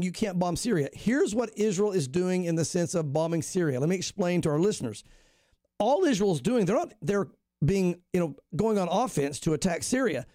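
A man's voice: high-pitched, a little mellow, no room sound, clean studio sound. A man, a pastor, talking animatedly and emphatically on a radio show, rambling with restarts. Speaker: pastor, guest commentator. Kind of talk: casual radio talk on prophecy.

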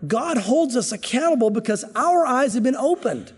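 A man's voice: extremely high pitch, expressive, normal speed, breathy edge, in a large hall. A middle-aged male pastor giving an expository sermon in an earnest, conversational teaching manner.

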